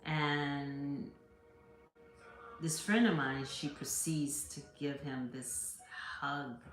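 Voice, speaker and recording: A woman with a strikingly deep voice speaks slowly and earnestly, reading tarot and sharing a heartfelt story with her viewers. She hesitates often and restarts her sentences. The sound rings in an echoey room. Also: steady tone, soft background music. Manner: hesitant, many fillers and restarts. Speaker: tarot card reader.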